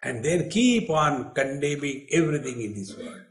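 A man teaches at a retreat and tells funny stories, acting out the people in them. His voice sits on the higher side. The room has a noticeable echo. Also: expressive, moderate pace. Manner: humorous storytelling with acted quotes. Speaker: spiritual teacher. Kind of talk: spiritual retreat discourse. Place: retreat hall.

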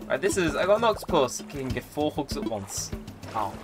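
A man hosting a casual let's play, rambling through his plans with many pauses and fillers. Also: a little high, music in the background. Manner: rambling, relaxed, lots of ums and likes. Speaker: gaming channel host.

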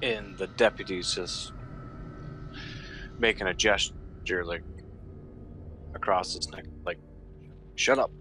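Slow, low-voiced tabletop player. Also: male voice, fairly even intonation, pushed and bright, slight background noise. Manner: slow, drawn-out descriptions. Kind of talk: narrating his character's actions in a tabletop game.

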